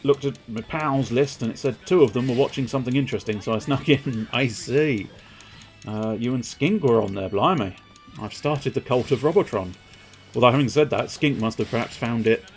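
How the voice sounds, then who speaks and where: A man's voice: mid-range voice, normal speed. Man, game streamer, casual rambling chat, self-mocking, faint game music behind. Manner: rambling, self-mocking, breaks into silly voices. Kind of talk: casual live game commentary.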